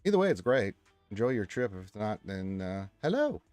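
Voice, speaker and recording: A man hosting a casual livestream, reading viewers' chat messages aloud with lively swings in pitch and loudness. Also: moderate pace, no echo, faint music behind.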